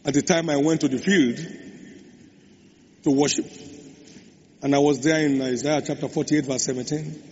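A man's voice: on the high side, fairly even intonation, moderate pace, pauses often, darkish tone. A man preaching a sermon, stressing and repeating key phrases. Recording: echoey hall, dull lo-fi sound, faint hum.

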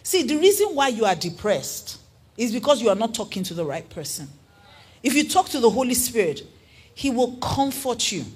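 A woman preaching a sermon in an earnest, animated way, asking her listeners questions. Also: fairly high pitch, moderate pace, breathy edge.

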